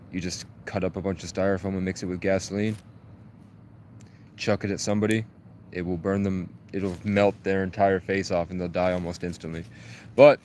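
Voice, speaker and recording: Man, low voice, rambling and profane outdoor phone livestream, light background hiss. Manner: profane, rambling, agitated storytelling. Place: outdoors in the woods. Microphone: phone held at arm's length.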